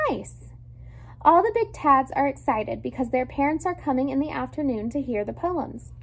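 A woman reads a children's chapter book aloud in a high voice. Her storytelling is expressive and lively, leaning into each scene. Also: normal speed. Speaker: storybook reader.

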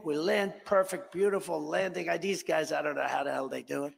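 A man's voice: a little high, fairly quick, vocal fry, few pauses, husky. An older man giving a rambling, boastful speech to a conference crowd, acting out the dialogue in his anecdotes. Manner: conversational, boastful, acts out dialogue, digressive. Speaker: speaker at a political conference. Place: large hall. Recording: long hall reverb.

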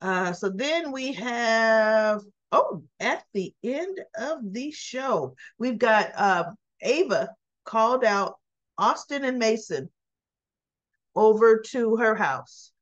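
A woman's voice: fairly high pitch, animated, slow, highs cut off. A woman chatting casually as she recaps soap opera scenes, retelling dialogue and tossing in her own asides.

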